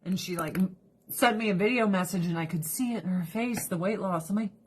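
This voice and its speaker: A woman's voice: medium pitch, brisk, husky. Blunt, profane woman chatting to camera. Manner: blunt and profane, animated storytelling; quotes friend with shifting voice. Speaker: vlogger. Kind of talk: casual chat to camera.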